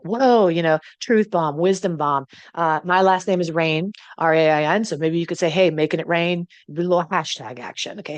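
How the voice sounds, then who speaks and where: Blunt, animated female relationship coach. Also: low voice, dry recording. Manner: blunt and animated, swears, addresses viewers directly. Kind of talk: motivational teaching.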